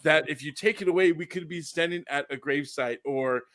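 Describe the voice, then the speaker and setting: A man's voice: fairly high pitch, fairly bright tone, a little hiss or hum. A man who edits video, talking in a casual chat and repeating himself as he hunts for the right words. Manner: halting, repeats words while searching for them. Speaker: video editor.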